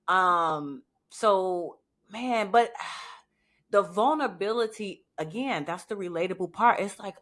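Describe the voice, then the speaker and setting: A woman's voice: mid-range voice, normal speed, fairly bright tone. A woman hosting a podcast, talking candidly and swearing freely in casual conversation. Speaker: podcast host.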